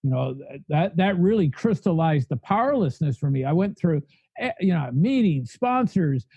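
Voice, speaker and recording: A man's voice: on the high side, expressive, moderate pace, mellow, breathy edge, no room sound, highs cut off. A man telling his recovery story in a podcast interview, blunt and fiery, speaking in long spoken lists. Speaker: guest sharing recovery story.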